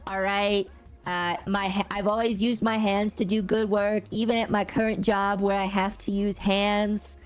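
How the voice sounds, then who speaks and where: A woman's voice: mid-range voice, flat delivery, a little slow, clear, resonant tone, lightly acted. A woman putting on a boastful, repetitive impression of a male politician. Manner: bragging, repetitive, self-praising.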